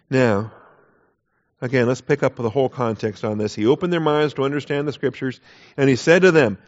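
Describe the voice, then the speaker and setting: A man teaching a Bible class in an emphatic way, repeating key phrases and putting rhetorical questions to his listeners. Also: medium pitch. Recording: dull lo-fi recording.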